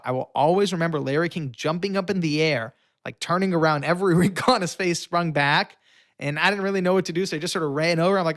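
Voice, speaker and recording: Animated young man telling a story. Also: fairly high pitch, fairly quick, dry recording, clean studio sound. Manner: acts out quoted voices, shouting and pleading; frequent fillers. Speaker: guest storyteller.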